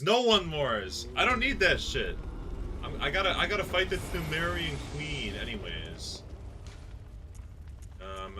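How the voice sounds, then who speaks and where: A man commentating his own gameplay as a streamer, swinging from excited yelling to sarcastic grumbling. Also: mid-range voice, slight background noise. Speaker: gaming streamer. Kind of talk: let's play commentary.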